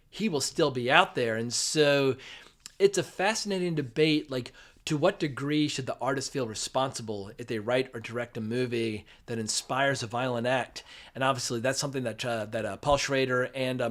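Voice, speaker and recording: A man talks through a film review in a relaxed, conversational way while fighting a head cold. His voice is nasal and congested, and he pauses now and then to find his words. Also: mid-range voice. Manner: thoughtful, conversational, some restarts while musing. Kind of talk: casual spoken film review.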